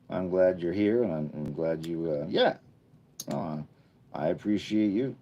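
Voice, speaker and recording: A man's voice: on the low side, darkish tone. A middle-aged man hosting a casual livestream, chatting with viewers in a rambling, earnest and encouraging way, with frequent restarts. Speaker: livestream host.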